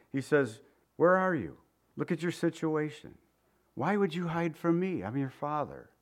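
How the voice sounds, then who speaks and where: A pastor preaching a sermon, a man whose voice sits a bit higher than most. He keeps it conversational and deliberate, repeating short phrases and turning to his listeners with rhetorical questions.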